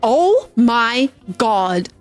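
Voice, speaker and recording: A woman's voice: fairly high pitch, big pitch swings, drawn-out words, faint music behind. Bubbly, giggly British woman streamer. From Britain. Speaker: stream host. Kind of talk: casual chat.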